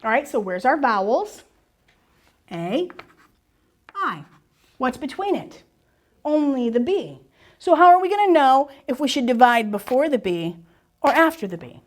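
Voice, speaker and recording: A woman teaching spelling and syllable rules speaks at a moderate pace in a high-pitched voice. Energetic and encouraging, she keeps asking her class questions and answering them herself.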